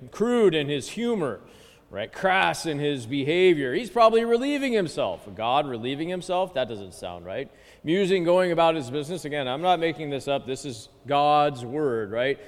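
A male pastor giving a conversational sermon, often checking in with "okay" and "right". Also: medium pitch. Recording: long hall reverb.

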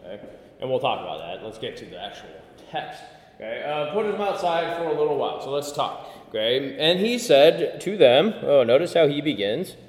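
With lively intonation, a medium-pitched voice, and normal speed, a man teaches a Bible study in a relaxed, conversational way. He asks the class questions, explains Greek words, and peppers his talk with "okay." The room echoes with long reverb.

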